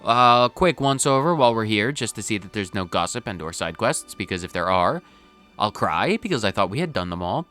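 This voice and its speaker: A man's voice: on the low side, animated, fairly quick, fairly bright tone, soft background music. A man commenting playfully on his own game playthrough, joking and explaining his jokes as he goes. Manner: playful, jokey, self-explaining. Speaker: gaming channel host. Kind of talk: let's play commentary.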